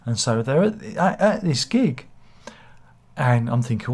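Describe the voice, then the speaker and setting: A man chats his way through a casual book review. His voice is husky and rough, and his delivery wanders, mixing sardonic jabs with cheerful self-mockery. The pitch sits in an ordinary middle range. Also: sing-song, unhurried, darkish tone. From England. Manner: rambling, sardonic and self-mocking. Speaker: book reviewer, channel host.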